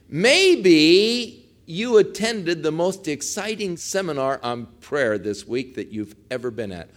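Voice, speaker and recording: A man preaching a sermon, telling the story emphatically and swinging from hushed to loud. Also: on the high side, sing-song, takes it slowly.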